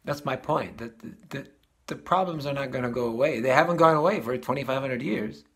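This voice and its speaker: A man's voice: mid-range voice, fairly quick, fairly bright tone. A man giving a casual spiritual talk as a teacher, often restarting phrases and chuckling at his own points.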